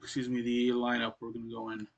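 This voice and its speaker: A man casually commentating a soccer video game he is playing, explaining the score as he goes and often clearing his throat. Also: medium pitch, fast talker. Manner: relaxed, explains as he plays, frequent throat clearing. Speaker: gaming channel host.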